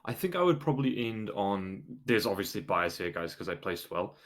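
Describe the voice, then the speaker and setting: Low-pitched relaxed podcast host man. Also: normal speed. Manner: relaxed, hedging with "you know" and "um". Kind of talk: casual chat.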